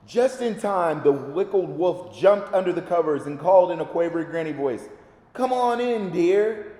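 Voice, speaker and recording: A man reading a children's storybook aloud in a gentle, expressive way. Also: a little high, moderate pace. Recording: echoey reverberant room.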